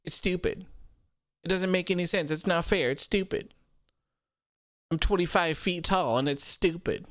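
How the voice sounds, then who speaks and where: A man's voice: high voice, moderate pace, pauses often, fairly bright tone, no room sound, studio quality, pitched above the performer's own voice. A man putting on a whiny, nerdy voice for a sulking giant of a man who keeps complaining. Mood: sulky. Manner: whining, repeating complaints.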